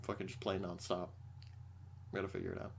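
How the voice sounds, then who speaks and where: A man hosting a podcast in casual chat, telling stories excitedly and swearing a lot. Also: low-pitched, fast talker, vocal fry, slightly rough. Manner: profane, excitable storytelling. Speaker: podcast host.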